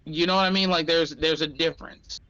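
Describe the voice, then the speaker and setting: A man's voice: a little high, steady tone, brisk, pushed and bright. A man speaking as a guest in a casual conversation, frank and explanatory, swearing freely. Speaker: podcast guest. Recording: dull lo-fi sound.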